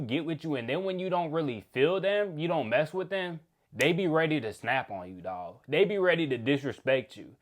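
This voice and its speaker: A young man, casually telling a work story in an animated, slangy way, often laughing. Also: mid-range voice.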